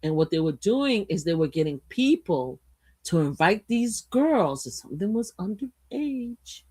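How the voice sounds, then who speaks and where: A woman's voice: mid-range voice, very animated, unhurried, dark tone, husky. Rambling, gossipy woman stream host. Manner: rambling and gossipy, swears, loses her train of thought. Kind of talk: casual storytelling commentary.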